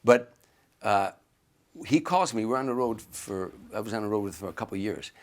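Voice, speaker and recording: A man's voice: fairly low pitch, moderate pace. A man casually telling a story, acting out the quoted lines as he goes. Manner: animated storyteller who acts out quoted lines.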